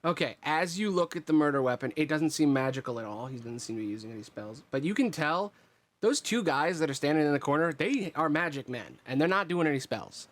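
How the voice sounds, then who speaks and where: A man narrating as game master of a tabletop role-playing game, describing scenes in a relaxed, meandering way with fillers. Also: on the high side, brisk.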